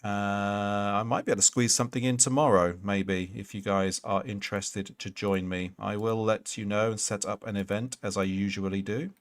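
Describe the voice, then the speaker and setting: A man's voice: lowish voice, steady tone, moderate pace, hardly any pauses, no room sound. A man in his thirties streaming a block-building game, chatting casually and answering his chat with jokey asides. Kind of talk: casual Minecraft livestream chat. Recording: loud background noise.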